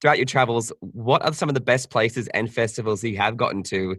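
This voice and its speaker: A man's voice: mid-range voice, fairly quick, a bit bright, no room sound, clean studio sound. A man hosting an interview and asking his guest curious follow-up questions. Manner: curious, asks follow-ups. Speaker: podcast host.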